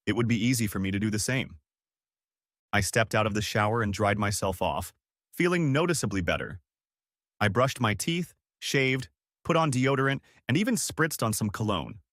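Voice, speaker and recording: A man reads a first-person story aloud at a steady, measured pace. His voice sits low. The recording is dry, with no room sound. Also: no echo. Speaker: audiobook narrator.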